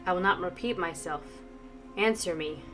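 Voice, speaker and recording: A woman voicing a stern, menacing knight who speaks in a calm, level, commanding tone while playing a story game. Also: lowish voice, moderate pace, soft background music, close to an everyday voice. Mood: cold commanding.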